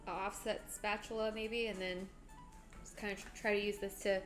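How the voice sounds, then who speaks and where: A woman's voice: medium pitch, level tone, moderate pace, faint music behind. A woman live-streaming her cooking in a home kitchen. She talks herself nervously through each step and reads viewer chat aloud.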